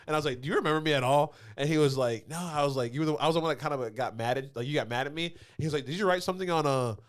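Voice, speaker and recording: Fast-talking man telling a story. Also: fairly high pitch. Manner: rambling, laughing while telling a story. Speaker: podcast co-host. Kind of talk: casual chat, storytelling.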